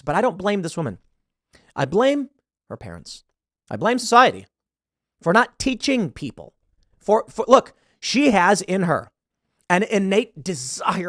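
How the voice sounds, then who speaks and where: A man giving sarcastic, animated political commentary on a news story, with frequent asides. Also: high-pitched, moderate pace, dry recording, clean studio sound.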